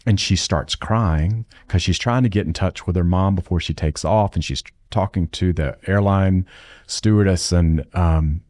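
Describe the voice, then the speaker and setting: A man's voice: low-pitched, moderate pace, a little mellow, no room sound. A middle-aged man sharing a reflective personal story in a casual church conversation. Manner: reflective, anecdotal. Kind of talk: casual church podcast chat.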